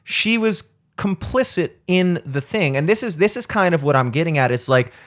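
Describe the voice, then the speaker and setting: A man's voice: on the high side, lively intonation, normal speed, fairly bright tone. A young man hosting a podcast, rambling in casual chat with many filler words and frequent swearing. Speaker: podcast host.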